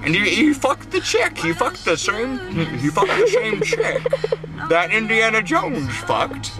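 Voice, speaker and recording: A young man with a high, bouncy, lively voice tells goofy, rambling stories and laughs often as he chats to the camera. His voice sounds worn, as if he's losing it. Music plays clearly in the background. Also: a little slow, low-quality recording. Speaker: vlogger. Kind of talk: casual rambling chat. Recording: music playing clearly behind.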